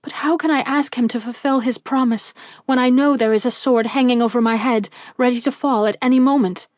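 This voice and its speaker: A woman's voice: a little high, steady tone, fairly quick, a little mellow, no room sound, clean studio sound, pitched above the performer's own voice, close to an everyday voice. A woman voicing a distressed young woman pleading in guilt, with a tremulous voice.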